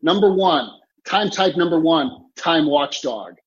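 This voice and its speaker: A man speaks as a time coach in an interview, hammering home his points with emphatic repetition. His voice sits a little high, and the audio sounds muffled and lo-fi, like a remote connection. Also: lively intonation, unhurried. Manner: emphatic, repeats key phrases, coaching tone. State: clearing throat, choked up. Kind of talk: motivational interview talk.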